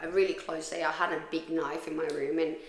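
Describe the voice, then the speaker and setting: Deep-voiced and fairly quick, a woman podcast host recounts her personal story candidly, swearing freely and holding nothing back. Her tone stays level, and the sound is reverberant.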